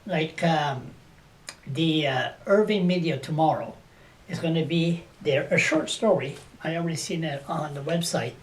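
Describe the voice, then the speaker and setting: A man's voice: fairly high pitch, unhurried. Blunt, sarcastic man interviewing. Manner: blunt and sarcastic, laughs at his own jokes. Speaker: interviewer and activist. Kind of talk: casual interview.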